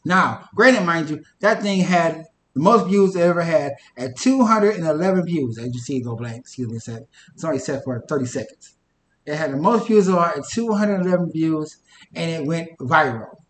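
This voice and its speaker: A man's voice: on the high side, lively intonation, normal speed, roomy sound, slight background noise. A man talking casually to the camera for his channel, rambling and interrupting himself. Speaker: YouTuber.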